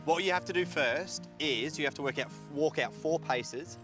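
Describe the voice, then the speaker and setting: A man's voice: a little high, moderate pace. A man with an Australian accent, hosting a casual, jokey chat outdoors with a dog trainer. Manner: jokey, self-deprecating, playful. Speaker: host. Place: outdoors in a field. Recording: music playing underneath.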